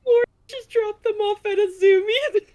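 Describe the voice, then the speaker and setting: A woman chatting as a player in a tabletop game, jokey and quick to crack jokes. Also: very high-pitched, heavy background noise. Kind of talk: casual chat between players.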